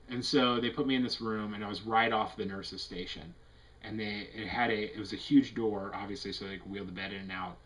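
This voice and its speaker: A man's voice: on the low side, a bit bright, poor audio. A man giving a casual, candid health update to a webcam, rambling through fillers and restarts in an earnest way. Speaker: vlogger.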